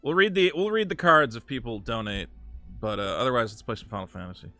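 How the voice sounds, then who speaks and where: A man's voice: mid-range voice, quick pace, bright, forceful tone, no echo, faint music behind. A man hosting a live game stream, ranting with profane, sarcastic commentary from his home setup. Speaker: streamer host.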